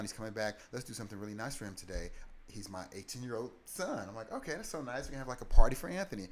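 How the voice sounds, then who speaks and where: A man telling his life story as an interview guest, animated and candid, acting out the people in it and restarting in quick bursts. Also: fairly low pitch, a little hiss or hum. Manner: animated, acts out the people in his story with big swings in loudness; talks in quick bursts with many short restarts.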